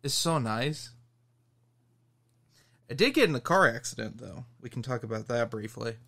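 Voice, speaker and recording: A man co-hosting a casual podcast, telling an animated story and laughing as he goes. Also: mid-range voice, normal speed, creaky. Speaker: podcast co-host.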